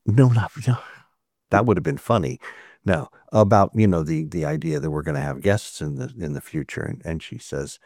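A man's voice: very deep voice, moderate pace, darkish tone, dry recording, studio quality. A man hosting a casual podcast, rambling and laughing between topics. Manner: rambling, laughing, self-mocking. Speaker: podcast host. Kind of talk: casual chat.

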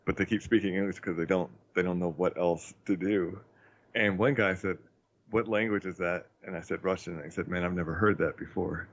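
Deep-voiced man chuckling through stories. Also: fairly even intonation, fairly quick. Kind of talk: casual chat. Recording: dull lo-fi sound.

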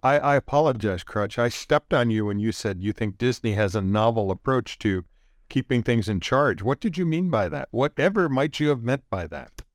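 Casting: mid-pitched man, podcast co-host, very lively intonation, teasing, dry sound. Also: moderate pace, no room sound. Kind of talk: casual chat.

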